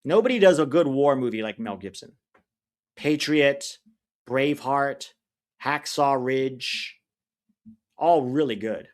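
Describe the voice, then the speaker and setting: A man hosting a live stream, talking in an easygoing, rambling way as he reads viewer comments. His voice sits at an ordinary middle pitch. He gives relaxed opinions and trails off when he is hunting for a name. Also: slow pace, long pauses. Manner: rambling, chatty, loses track of names mid-sentence. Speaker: livestream watch-along host. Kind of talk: casual livestream chat, reading viewer comments.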